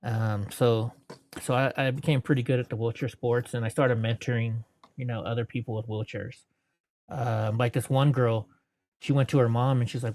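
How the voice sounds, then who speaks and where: A man's voice: medium pitch, fairly even intonation, normal speed, darkish tone. A man in his forties telling long stories as an interview guest, rambling and correcting himself as he goes. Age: 40s. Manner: rambling, self-correcting, laughs between anecdotes; puts on voices when quoting people. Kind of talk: storytelling in casual interview.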